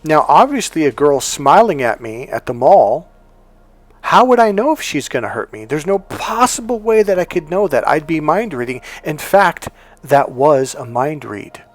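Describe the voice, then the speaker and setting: A man's voice: on the high side, normal speed, no room sound, soft background music. A man coaching on relationships in a casual talk, acting out both sides of conversations and often restarting his sentences. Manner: animated, acts out both sides of dialogues; frequent restarts and self-corrections. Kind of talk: casual teaching monologue.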